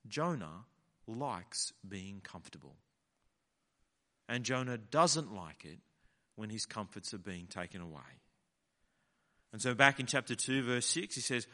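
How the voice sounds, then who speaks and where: A man preaching a sermon in an animated way, acting out the lines he quotes. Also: mid-range voice, normal speed. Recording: long hall reverb.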